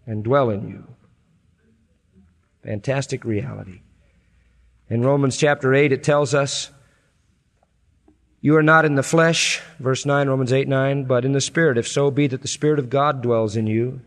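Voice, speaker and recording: The emphatic sermon alternates between unhurried, drawn-out scripture reading and sharp climbs in pitch and volume, each followed by a low, slow drop. A long reverb from the hall surrounds his voice.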